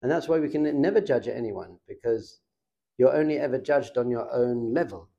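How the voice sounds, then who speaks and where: A middle-aged rabbi teaches a casual class, talking with lively energy and often turning to his listeners with questions. His voice sits at an ordinary male pitch, neither high nor low. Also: normal speed, creaky, muffled recording. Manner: animated, conversational, asks the class questions. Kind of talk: informal Torah class lecture.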